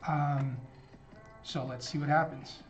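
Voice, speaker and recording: A young man hosting a trading live stream, calmly talking himself through his decisions and feelings in casual commentary. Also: a little high, takes it slowly. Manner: thinking aloud, talking himself through emotions. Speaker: trading livestream host. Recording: dull lo-fi stream audio with faint music.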